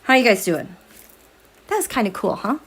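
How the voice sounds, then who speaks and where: A woman hosting a tarot livestream at night, chatting casually with viewers, animated, laughing often and reading their comments aloud. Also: fairly high pitch, moderate pace, slightly rough. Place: home, at night.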